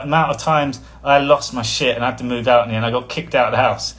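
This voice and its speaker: A man talks off the cuff on a live stream in a middle-pitched voice. He rambles, speaks bluntly and chuckles between thoughts. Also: fairly even intonation, a little fast, few pauses, a bit bright. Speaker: spiritual coach hosting a live stream. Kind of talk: casual livestream talk.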